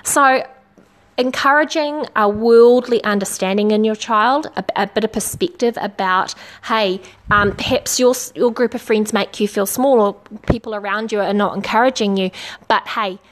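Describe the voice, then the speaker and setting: A woman's voice: mid-range voice, moderate pace. Woman, parenting talk, casual, earnest, chatty, filler words.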